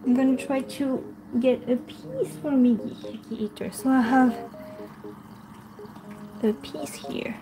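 A woman's voice: high-pitched, unhurried, pauses often, crowd noise. A woman vlogging with her pet, giggly, coaxing and pleading with it in casual talk. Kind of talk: casual pet vlog narration.

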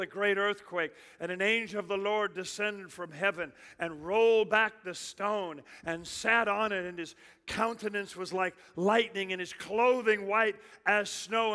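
A middle-aged man preaches a sermon in a high, bright voice, taking his time with each line. He swings from ringing shouts to hushed, dropped phrases. A long reverb from a large church hall trails his words. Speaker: pastor.

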